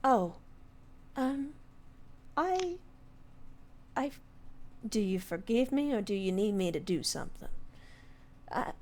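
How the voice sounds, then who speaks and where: A timid little fairy from a tabletop adventure, with a high, soft voice, played by a woman. She hesitates and halts before nearly every word. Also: very animated, slow, long pauses.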